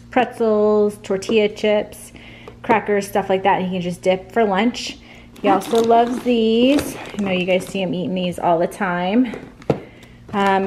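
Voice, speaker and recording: A woman's voice: mid-range voice, slight background noise. A woman in her thirties, a family vlogger, chatting casually to the camera in her home kitchen. She is out of breath, with an upbeat, rambling way of talking.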